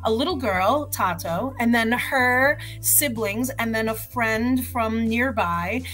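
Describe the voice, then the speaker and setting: A woman book editor interviewing an author, asking questions in a warm, encouraging way. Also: a little high, takes it slowly, soft background music, low-quality recording. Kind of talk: video interview.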